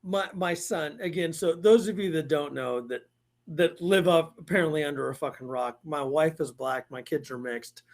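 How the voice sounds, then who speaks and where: A man's voice: on the high side, normal speed, gravelly. A middle-aged man hosting a casual live stream, rambling and swearing, often breaking into laughter. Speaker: podcast host.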